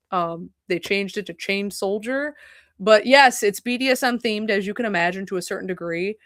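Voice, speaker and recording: Young woman streamer, mid pitch, animated and swearing, dry close sound. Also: no room sound. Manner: rambling, profane and animated. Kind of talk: casual chat. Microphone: desk mic at a computer.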